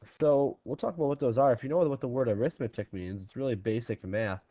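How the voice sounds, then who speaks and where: A man's voice: medium pitch, a little fast, no echo. A male math teacher works through examples at an easy, conversational pace, talking through each step. His voice sits in a middling range. The recording is dry with no room sound and slightly muffled, lo-fi quality. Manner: casual, talks through problems step by step. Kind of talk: recorded classroom lesson.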